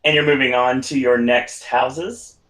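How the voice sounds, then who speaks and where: A man's voice: mid-range voice, steady tone, a little slow, fairly bright tone, low-quality recording. A man hosting a podcast, easygoing, reading out live chat comments.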